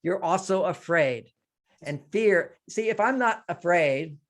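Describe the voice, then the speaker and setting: A man's voice: sits high, takes it slowly. A man being interviewed as a guest expert, talking animatedly and often acting out conversations. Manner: animated, acts out dialogues in changing voices. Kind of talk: interview answer, explaining relationship advice.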